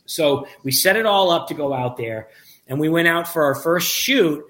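A man telling a lively anecdote about making a documentary, acting out the quoted dialogue and often restarting his sentences. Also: fairly high pitch, normal speed. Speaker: documentary filmmaker. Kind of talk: casual storytelling in an interview.

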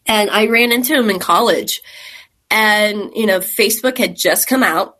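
A woman's voice: mid-range voice, normal speed, a bit bright. A woman from Texas, a caver, telling stories in a rambling, chatty way during a casual interview, laughing often. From Texas, USA. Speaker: guest caver.

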